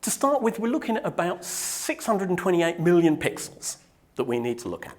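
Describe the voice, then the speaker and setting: A man's voice: sits high, very animated, a little fast. A man from Norfolk, giving a technical conference talk to a live audience in a joking, self-deprecating way. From Norfolk, England. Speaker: conference speaker.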